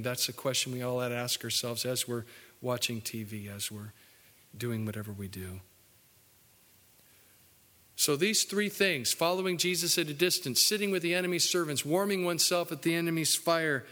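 A male pastor preaching a folksy, joking sermon, dropping low and soft for the solemn points. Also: long reverb tail.

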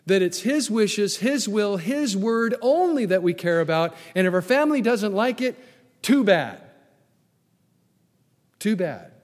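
A man's voice: high voice, animated, normal speed, few pauses, long reverb tail. A man preaching a sermon as pastor, emphatic, repeating key phrases and putting questions to the congregation.

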